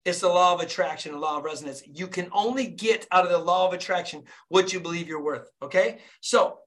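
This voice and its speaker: A man's voice: high-pitched, a little fast, a bit bright. A fired-up young man, a dentist, hosting a group video call and urging listeners on with repetitive, preachy motivation.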